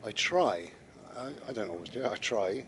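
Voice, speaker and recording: Out walking his dog, a British man vlogs a rambling, conversational reflection on mindfulness with frequent restarts. His fairly low voice is a bit bright with lively intonation and a moderate pace, and there's slight hiss or hum.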